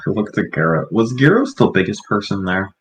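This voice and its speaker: A man playing a tabletop game, talking in a halting way with many restarts. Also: on the low side, expressive, slightly rough, low-quality recording. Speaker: player. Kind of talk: casual tabletop chat.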